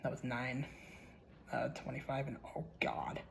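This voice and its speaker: A man's voice: mid-range voice, fairly even intonation, unhurried, gravelly, a little hiss or hum, poor audio. A man hosting his channel, casually reading a horror story aloud in a plain, unacted voice, stumbling over and repeating words and swearing freely.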